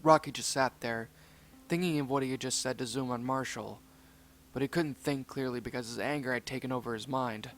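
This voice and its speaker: A man's voice: mid-range voice, steady tone, a little fast, a bit bright, slight background noise. Man reading a horror story aloud. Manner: plain storytelling with small slips and self-corrections. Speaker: narrator.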